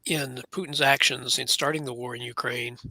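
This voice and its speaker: Sharp, gravelly man on a radio panel. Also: mid-range voice, steady tone, moderate pace, no room sound, poor audio.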